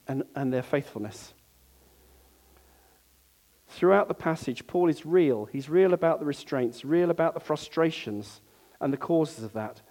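A man's voice: medium pitch, darkish tone. A man preaching a sermon to his congregation in an earnest, conversational way, with asides to the listeners.

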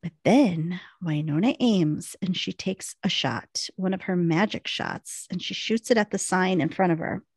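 A woman co-hosting a podcast, retelling a TV episode in a quick, animated way. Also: lowish voice, slightly rough, dry recording. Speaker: podcast co-host recapping a TV episode. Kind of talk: casual recap storytelling.

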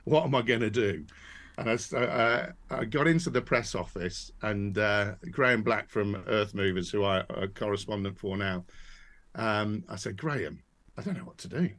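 A man, a podcast guest, telling his career story in a relaxed, rambling way with many fillers and restarts. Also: fairly low pitch, moderate pace. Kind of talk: casual interview storytelling.

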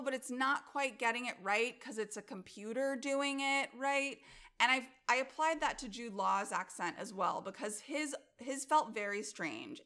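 A woman's voice: a little high, pushed and bright. A woman co-hosting a podcast, talking casually and enthusiastically about a movie, with lots of filler words. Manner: enthusiastic, many filler likes. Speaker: podcast co-host. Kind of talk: casual film discussion.

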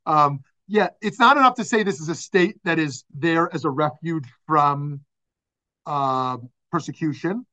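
A man's voice: on the high side, measured pace, pushed and bright, low-quality recording. A man teaching a class as a rabbi over a video call, thoughtful and searching, with frequent restarts and fillers.

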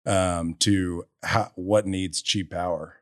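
A deep-voiced Texan man, an energy entrepreneur appearing as a podcast guest, tells his story slowly in casual chat. He's an animated storyteller, acting out quotes with bursts of laughter. The studio sound is clean, with no echo.

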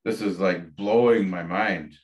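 Low-voiced man telling a story. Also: measured pace. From Ontario, Canada. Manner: candid, reflective, with frequent fillers and restarts. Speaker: podcast guest. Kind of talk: casual personal storytelling.

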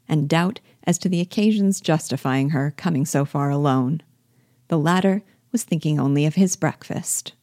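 A woman reads a classic novel aloud in a measured, clear storytelling manner. Her voice sits low and mellow. The recording is dry and close, with no room sound. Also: no room sound. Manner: measured, clear storytelling delivery with light character shading. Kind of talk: audiobook-style literary reading.

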